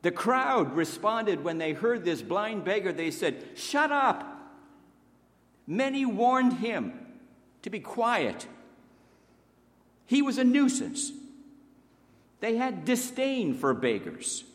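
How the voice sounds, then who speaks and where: A man preaching a sermon in a church, emphatic, rising to raised exclamations and dropping to hushed low asides. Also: big pitch swings, takes it slowly, pauses often. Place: church sanctuary. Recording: long echoing reverb of a church hall.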